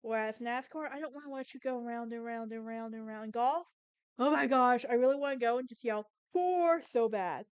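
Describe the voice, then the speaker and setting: Southern lady podcast host, smooth clear voice, emphatic and sassy. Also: on the high side, steady tone, a little fast, hardly any pauses, a little mellow, no room sound. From American South. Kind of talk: casual monologue.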